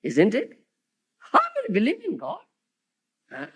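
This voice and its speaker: Man preaching slow, very high voice that swings all over, keeps tossing "huh? isn't it?" at the crowd. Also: huge pitch swings, a bit bright, slightly rough. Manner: rhetorical questions with frequent "huh?" and "isn't it?" to the audience. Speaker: spiritual teacher. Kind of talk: devotional lecture.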